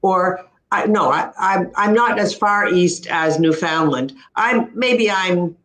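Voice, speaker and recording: Ontario Canadian woman on a roomy call. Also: lowish voice. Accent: Ontario Canadian English. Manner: warm explaining, demonstrates pronunciations slowly. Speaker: speech-language pathologist guest. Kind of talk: casual explanatory chat.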